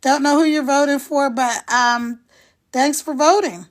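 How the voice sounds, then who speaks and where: Speaking in a steady, unhurried way, a high-voiced woman in her sixties addresses her live-stream audience informally. She's candid and chatty, calling viewers by name and responding directly to what they write.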